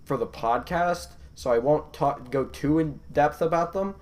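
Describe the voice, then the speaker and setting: Young male podcast host, higher voice, profane animated storyteller. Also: unhurried. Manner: profane, animated, swings from mumbling to yelling.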